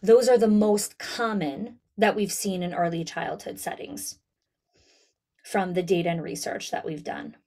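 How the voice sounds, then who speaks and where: A woman coaching school leaders in an online town hall, talking directly and lively to her audience. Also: mid-range voice, measured pace. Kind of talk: webinar talk.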